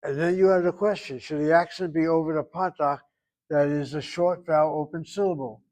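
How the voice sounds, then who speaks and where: A man with a somewhat high-pitched voice leads a Hebrew grammar lesson in a classroom. He explains slowly and deliberately, lingering over pronunciations with a dry, self-assured tone. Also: fairly even intonation, a little mellow. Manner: slow, explaining, drawn-out pronunciations. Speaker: Hebrew teacher.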